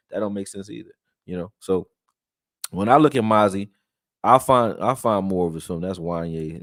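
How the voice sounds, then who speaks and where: A man's voice: low voice, dry recording, clean studio sound. Laid-back man hosting a live stream. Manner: loose, conversational, reads viewer chat aloud. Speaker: host of a live sports stream. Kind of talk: casual live-stream film breakdown.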